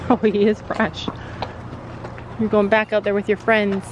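A woman's voice: mid-range voice, little pitch movement, unhurried, muffled recording, background noise. A middle-aged woman chatting casually to her viewers at a horse barn, cooing soothingly to the horses between remarks. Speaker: vlogger, mother at a horse barn. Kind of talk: casual family vlog chat.

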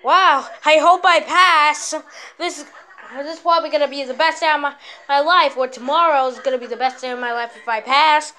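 A man's voice: very high voice, normal speed, sharp tone. A young man voicing a whiny, defiant little boy in an amateur plush puppet skit. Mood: hopeful.

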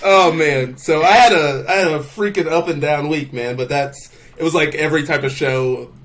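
A man with a somewhat high voice co-hosts a casual comedy podcast. He talks with animated emphasis, laughing often and tossing in swear words. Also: moderate pace. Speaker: podcast co-host; stand-up comedian. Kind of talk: casual chat.

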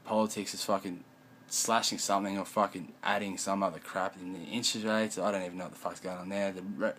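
A man's voice: low voice, flat delivery, quick pace, a bit bright, a little hiss or hum, low-quality recording. A man rambling in a profane vlog monologue at home, often mumbling.

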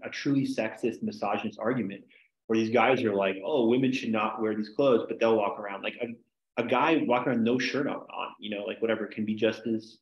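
A man's voice: on the low side, steady tone, fairly quick. A man teaching a casual logic class, rambling with many "like"s and restarts. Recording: echoey room, dull lo-fi sound.

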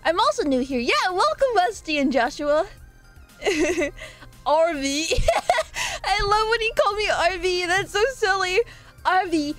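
Young woman streamer, bright high voice, giggly rambling chat, soft music underneath. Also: lively intonation, normal speed. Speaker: live streamer. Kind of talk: casual live-stream chat. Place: her own room.

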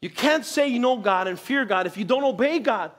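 A man preaching a sermon in church, animated, acting out little voices and laughing often. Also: extremely high pitch, a little fast. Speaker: pastor. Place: church sanctuary.

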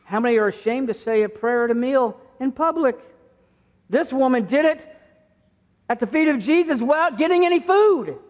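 A middle-aged male pastor with a high voice preaches in a church whose sound rings on with a long reverb. He speaks conversationally and puts on the voices of the people he quotes. The sound is muffled and a little dull. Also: expressive, moderate pace. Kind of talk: sermon. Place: church sanctuary.

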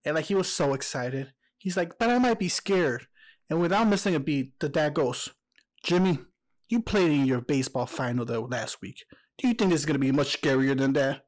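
A man's voice: on the high side, expressive, moderate pace. A young man co-hosting a podcast, chatting casually and telling blunt, joking stories. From Mexican-American. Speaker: podcast co-host. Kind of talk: casual chat.

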